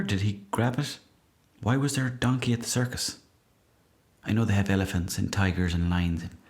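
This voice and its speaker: A low-pitched Irish man who hosts a comedy podcast. He reads listener messages with dry, deadpan timing, swears freely, and slips into mock outrage. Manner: deadpan, profane, mock-indignant. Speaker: podcast host. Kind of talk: comic monologue reading listener messages.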